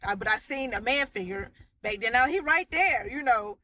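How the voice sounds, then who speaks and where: A woman tells a ghost story in a casual, lively way, slipping into quoted voices as she goes. Her voice sits a little high and sounds bright and forceful, with some faint background noise. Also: normal speed. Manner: animated, vivid retelling with voiced quotes and sound effects. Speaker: storyteller sharing a haunting testimony. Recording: audio cutting in and out.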